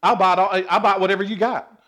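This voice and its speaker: A man's voice: high-pitched, fairly even intonation, a little fast, a bit bright. A man in drag persona, hosting a comedic cooking show and telling sassy, salty joke stories in a kitchen. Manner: sassy, salty storytelling with laughs.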